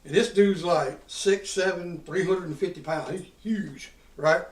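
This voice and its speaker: A man's voice: sits high, measured pace, a little hiss or hum. A man, hosting a podcast and telling a rowdy, profane story in a casual drawl. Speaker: podcast host. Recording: roomy sound from a distant mic.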